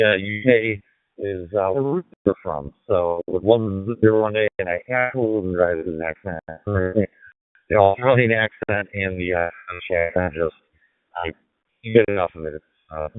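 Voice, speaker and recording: A man's voice: low voice, dry recording. A man, an amateur radio operator calling from his car, talking hesitantly with many fillers during a ham radio contact. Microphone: mobile radio handset. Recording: lo-fi digital radio link.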